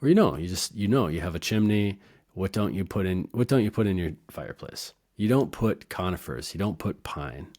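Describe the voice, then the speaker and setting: Male podcast host, very low voice, loose and playful, chuckles at his own puns. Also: expressive, fairly quick, darkish tone. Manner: rambling, playful, laughs at own wordplay. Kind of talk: casual educational monologue.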